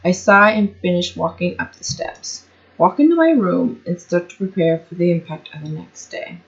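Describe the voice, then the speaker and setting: A woman's voice: fairly low pitch, normal speed, highs cut off. Woman reading her story aloud, stumbling. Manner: stumbles and restarts often, comments on her own slips. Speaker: amateur storyteller.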